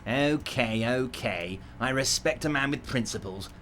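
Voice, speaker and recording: A man putting on a large, middle-aged union boss with a bright, cutting tone and an ingratiating, falsely soothing way of talking. He sits at mid pitch and keeps everything sounding pleasant while he schemes, voiced in a game playthrough. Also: measured pace, a little hiss or hum, close to an everyday voice. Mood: smug. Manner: smooth, ingratiating, falsely reassuring. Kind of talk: voicing characters in a game playthrough.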